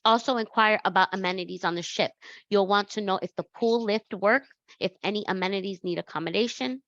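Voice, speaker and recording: A woman presenting slides in a relaxed, conversational way and correcting herself as she goes. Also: mid-range voice, brisk, no echo, dull audio. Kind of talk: slide presentation on accessible travel.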